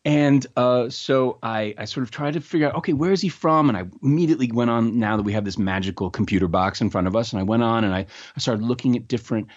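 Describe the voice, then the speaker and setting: A middle-aged actor as an interview guest, telling animated stories with quick restarts. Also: male voice, medium pitch, lo-fi sound. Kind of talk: casual interview storytelling.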